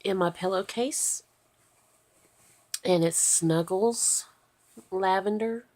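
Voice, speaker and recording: A woman's voice: mid-range voice, slow pace, a little mellow. A tired woman, rambling sleepily to her vlog camera at night and drifting into whispers. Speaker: vlogger. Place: at home in bed at night.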